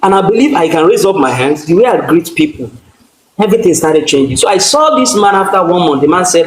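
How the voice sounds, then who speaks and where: A man's voice: fairly high pitch, lively intonation, fast. A man with a Nigerian accent sharing his personal story as a guest speaker, earnest and full of restarts. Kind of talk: personal testimony talk. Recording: echoey room, faint noise.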